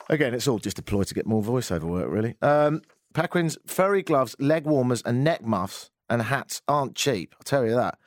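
A man's voice: medium pitch, sing-song, moderate pace, no echo, studio quality. A man hosting a radio show, talking in a chatty, rambling monologue with wry, self-mocking asides.

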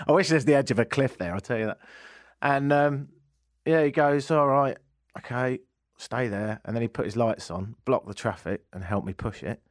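A man hosting a radio show, telling a joking story in an animated way from a studio. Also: mid-range voice, normal speed, dry recording. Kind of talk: comic radio monologue.

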